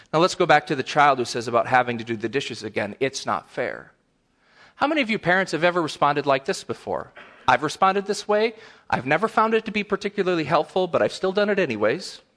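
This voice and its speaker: Animated preaching man, slightly high voice. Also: moderate pace. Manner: animated, acts out whiny quotes in a higher voice. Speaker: pastor. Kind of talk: sermon.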